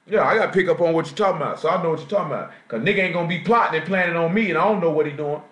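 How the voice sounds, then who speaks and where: A man's voice: on the high side, racing, a bit bright. A man preaching a slangy street-talk sermon in a Southern US accent, often asking the congregation questions. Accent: Southern US, Jacksonville Florida. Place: church assembly room. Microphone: live stream recording. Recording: echoey room, live stream.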